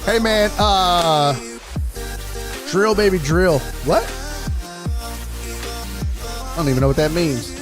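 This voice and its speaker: A man's voice: sits high, a little slow, over music. A man hosting a sports live stream from home, chatting loosely, rambling and thanking viewers in chat. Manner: swears casually.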